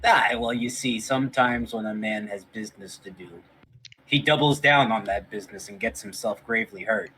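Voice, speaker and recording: A man playing a tabletop game who jokes in a gruff tough-guy manner. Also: fairly low pitch, moderate pace, bright, forceful tone, poor audio. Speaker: player. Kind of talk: in-character banter at a tabletop game.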